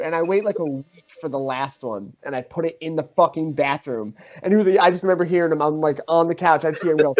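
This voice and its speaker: Young male podcast host, animated storyteller, somewhat high voice, slightly dull recording. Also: fast, hardly any pauses. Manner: animated, swearing, acts out quotes. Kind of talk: casual storytelling among friends.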